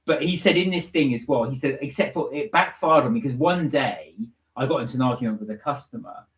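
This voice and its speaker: A man's voice: mid-range voice, fairly quick, fairly bright tone, roomy sound. A man co-hosting a casual live stream, reading viewer comments aloud and joking about them. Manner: chatty, jokey, reads out comments and riffs on them.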